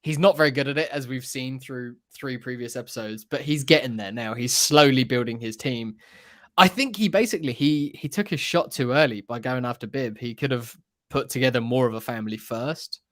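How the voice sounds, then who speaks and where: A man in casual podcast chat, mid-pitched and animated. He laughs often as he talks. His voice is dry, with no room sound. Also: fairly quick, no room sound. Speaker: podcast panelist.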